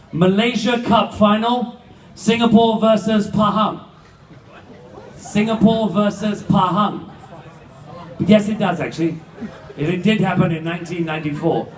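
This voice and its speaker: A man in his fifties running stage games at a banquet, loudly teasing the contestants. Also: on the high side. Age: 50s. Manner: teasing, loud and joking. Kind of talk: live stage banter with audience. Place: large banquet hall. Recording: echoey hall, distant, crowd noise.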